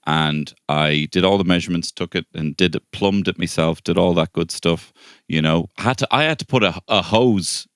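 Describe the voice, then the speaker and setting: Low-voiced man, dry close sound. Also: normal speed, few pauses, smooth, no echo. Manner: animated storyteller, swears freely, breaks into high shouted impressions. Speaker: podcast co-host. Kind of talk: casual comedic chat.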